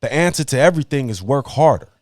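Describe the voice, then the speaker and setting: A man's voice: medium pitch, expressive, fast talker, a little mellow, dry recording, studio quality. A young man hosting a podcast, talking bluntly in slang and preaching hard-work advice to other men. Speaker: podcast host. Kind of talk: casual podcast debate, preachy monologue.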